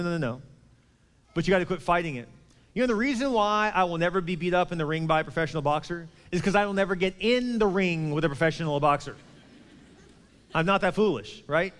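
High-voiced pastor preaching in a hall. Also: male voice, clean tone. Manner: emphatic, swings between loud and hushed. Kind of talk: sermon.

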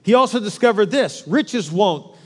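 A man's voice: high-pitched, animated, moderate pace, big-room sound. A man preaching a sermon in a joking, conversational way, with asides to the congregation. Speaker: pastor.

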